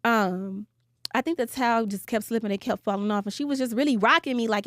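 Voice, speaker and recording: A young woman with a drawl recounts a painful chapter of her life in candid podcast chat. She is blunt and profane and slips into the voices of the people she quotes. Her voice sits a little high and sounds close and dry on the mic. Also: fairly quick, dry recording. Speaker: podcast guest telling her story.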